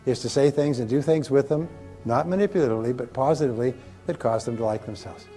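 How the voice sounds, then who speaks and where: A man's voice: mid-range voice, quick pace, dark tone, soft background music. Emphatic man giving a motivational talk. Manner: emphatic and repetitive, leading the audience in call-and-response. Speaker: motivational speaker. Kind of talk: motivational seminar talk to a live audience.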